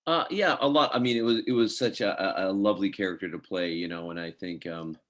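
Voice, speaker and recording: A man, an actor guest, telling a lively anecdote on a video call and acting out the people in it. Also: low voice, quick pace. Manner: animated storyteller, acts out voices in his anecdote.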